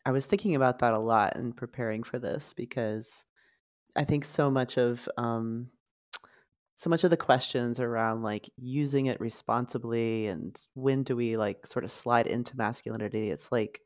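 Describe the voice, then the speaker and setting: A woman's voice: very deep voice, moderate pace, darkish tone. A woman therapist as a podcast guest, speaking thoughtfully and hesitantly, with many fillers. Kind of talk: casual podcast interview.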